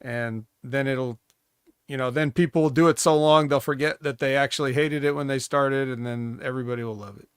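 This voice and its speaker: Dryly skeptical man with a smooth voice. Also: medium pitch, fairly even intonation, dry recording, studio quality. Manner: measured and dryly skeptical, talks himself around. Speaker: podcast co-host. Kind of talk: casual wrestling chat.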